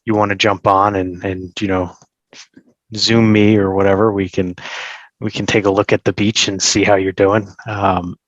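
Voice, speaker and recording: A man's voice: lowish voice, level tone, normal speed, no room sound, muffled recording. A man hosting a podcast, talking in an upbeat, chatty, rambling way. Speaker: podcast host. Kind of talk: casual podcast chat.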